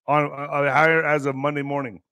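A man's voice: on the high side, flat delivery, moderate pace, bright, forceful tone, no echo. A middle-aged man giving emphatic, sarcastic commentary as a podcast host, swearing as he reads out and mocks the news. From US border region. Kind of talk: ranting commentary reading news.

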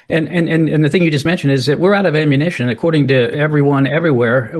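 Fast-talking man co-hosting. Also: mid-range voice. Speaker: co-host. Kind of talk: political commentary chat.

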